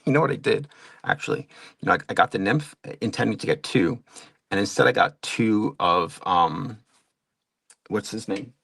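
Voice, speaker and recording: A man's voice: lowish voice, expressive, normal speed, gravelly, fairly bright tone, husky. A man chatting casually, rambling with lots of fillers and poking fun at himself. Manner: rambling, self-deprecating, many fillers. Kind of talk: casual chat.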